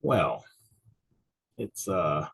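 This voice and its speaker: A middle-aged man speaks in a lowish, husky voice, slightly winded, as he teaches an exam prep livestream. He is chatty and rambling and pokes fun at himself, talking into a desk mic. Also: very animated, very slow, a bit bright, low-quality recording. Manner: chatty, self-deprecating, rambling. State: a little winded. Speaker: insurance exam instructor.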